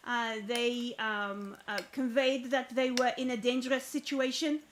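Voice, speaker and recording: A woman voicing a pompous male poet cultist with a French accent, who rambles grandly and thinks highly of himself. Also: steady tone, a little slow, a little hiss or hum, lightly acted. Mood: flustered. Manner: grandiose, rambling, self-important.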